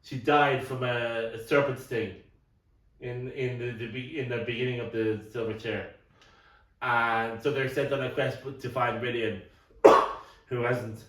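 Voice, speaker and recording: A middle-aged man rambles through a casual podcast chat, tripping over repeated words and coughing at times. His voice is of middling pitch and sounds set back from the mic. The room around him is noticeably echoey. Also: steady tone, a little slow, a bit bright. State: coughing now and then. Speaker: podcast co-host. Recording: roomy, distant mic.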